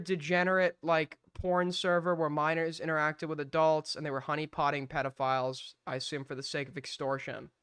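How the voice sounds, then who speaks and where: Man, streamer, blunt, argumentative, sweary, bright edgy tone, dry sound. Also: on the high side, smooth, no echo. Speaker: streamer host. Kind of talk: heated live-stream commentary.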